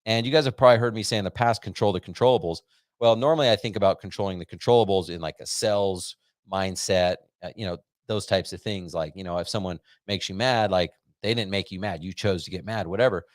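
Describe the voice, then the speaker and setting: A fast-talking middle-aged host from the US chats loosely to a live audience on his podcast, cheerful and rambling, filling gaps with lots of fillers. His voice is on the low side, recorded dry with studio quality.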